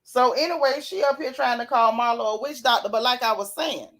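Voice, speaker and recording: A woman hosting a casual live-stream recap, reading viewer comments and talking with sassy, animated flair, often yawning and laughing. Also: on the high side, a little fast. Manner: sassy, animated, Southern Black vernacular gossip. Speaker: reality TV recap host reading live chat.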